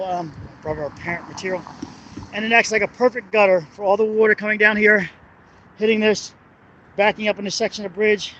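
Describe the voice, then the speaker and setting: A man with a high voice talks through the engineering of a bridge as he walks it at night, recording on a handheld camera. He rambles, hesitates, and swears when something annoys him. Wind and passing traffic come through loudly behind him. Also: dull audio. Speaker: construction engineering vlogger. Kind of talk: walking on-site explanation. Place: outdoors on a city bridge at night. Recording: noisy outdoor wind and traffic.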